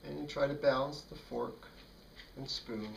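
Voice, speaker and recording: With a gravelly voice at a typical male pitch, a man casually recounts a childhood memory at a measured pace, matter-of-fact and relaxed with a wry, dry edge. The recording sounds roomy from a distant mic and carries slight background noise.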